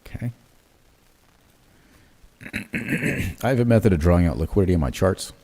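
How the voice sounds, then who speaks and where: A crypto trading livestream host with a deep, slightly rough voice talks at normal speed. He thinks aloud as he draws on his charts, staying relaxed, revising himself, and filling his speech with fillers and "right?" tags.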